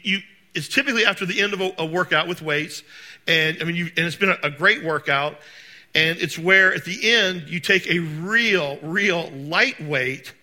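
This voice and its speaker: A man preaching a sermon to a congregation, talking conversationally, asking the room questions and acting out scenes with sudden shouts. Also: sits high. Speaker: pastor. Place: church service.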